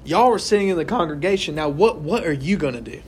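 Man teaching Bible study, higher-pitched. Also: animated, fast talker, a little mellow, slight background noise. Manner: conversational, asks the group questions; tags sentences with "right?".

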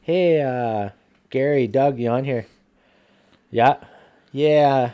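A man's voice: medium pitch, slow, mellow, smooth, pitched above the performer's own voice, lightly acted. Man quoting an easygoing older dad. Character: unhurried older father calling on radio.

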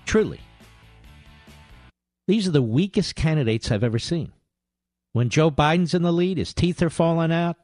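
A man's voice: fairly high pitch, normal speed, long pauses, a little mellow, no room sound, studio quality, soft background music. A man hosting a political talk radio show, combative and sarcastic, mocking his targets as he talks.

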